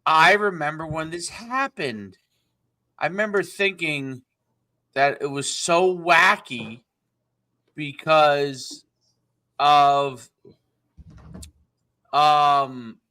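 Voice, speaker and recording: A man's voice: on the high side, extremely slow, long pauses, bright, forceful tone. A male co-host in casual chat, laid-back, reacting with short comments and questions.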